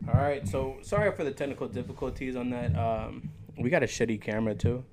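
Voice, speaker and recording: A man's voice: medium pitch, brisk, noisy background. A young man co-hosting a casual podcast, rambling with lots of fillers, swearing freely and teasing his friend. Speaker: podcast co-host. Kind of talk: casual chat.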